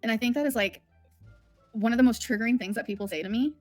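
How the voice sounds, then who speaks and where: A woman's voice: a little high, fast, no room sound, faint music behind. A woman hosting a livestream from home, talking in a candid, rambling, emotional way. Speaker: livestream host. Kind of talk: casual livestream chat.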